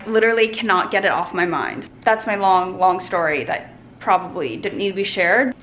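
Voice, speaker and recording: A woman's voice: fairly low pitch, normal speed, fairly bright tone, slight background noise. A young woman in her twenties chatting to camera as a vlogger, telling a story casually and swearing freely. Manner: chatty, swears freely, tells stories animatedly.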